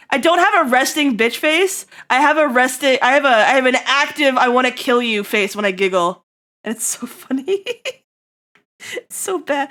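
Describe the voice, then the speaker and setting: High-pitched giggly woman streamer. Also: expressive, normal speed. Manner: giggly, rambling, bursts into loud laughter. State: throat getting tickly. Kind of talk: casual live-stream chat.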